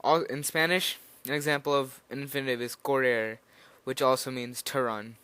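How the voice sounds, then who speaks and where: A man's voice: medium pitch, fairly even intonation, moderate pace, sharp tone, clean tone, no room sound. A nervous young man giving an informal spoken language lesson, rambling a little with fillers and restarts as he explains. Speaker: language teacher.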